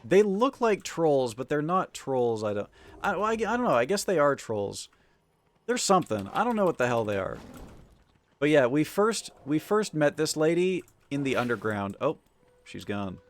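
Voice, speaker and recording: A man streaming a game, chatting casually in an excitable, profane, rambling way. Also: on the high side, moderate pace. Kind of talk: casual gaming commentary.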